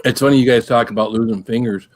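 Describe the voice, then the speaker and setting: Relaxed man chatting on a stream. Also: mid-range voice, fast talker. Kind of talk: casual chat.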